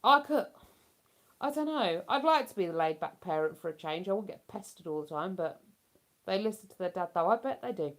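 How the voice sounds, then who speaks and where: A woman's voice: lowish voice, expressive, brisk. A woman hosting a casual livestream from home, chatting in a rambling way and laughing easily. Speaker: livestream host. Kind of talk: casual live chat.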